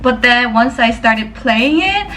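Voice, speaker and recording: A woman's voice: a little high, animated, takes it slowly, pushed and bright, a little hiss or hum. A woman from Korea, chatting casually and thoughtfully in a vlog. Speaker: vlogger. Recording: distant mic with music. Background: background music.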